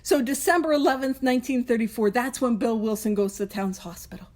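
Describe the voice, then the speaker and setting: A woman's voice: fairly high pitch, fast, darkish tone. Chatty, laughing woman leading a study group. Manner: chatty, self-deprecating, laughs often and jumps between voices. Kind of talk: casual Big Book study talk.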